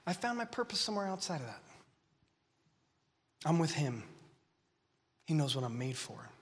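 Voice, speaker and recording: A man preaching to a young crowd with great passion, dropping to whispers and rising to shouts, while fighting the flu. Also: a little high, big pitch swings, moderate pace. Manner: impassioned, swinging from whispers to shouts. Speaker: speaker at a youth gathering. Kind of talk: sermon. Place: large hall. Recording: long reverb of a large hall.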